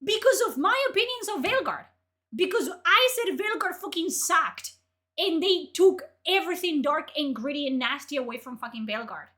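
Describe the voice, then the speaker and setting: Her voice is very high and animated at a moderate pace as this young woman blows up at articles on her stream. The commentary is furious and profane, punctuated by shouting outbursts.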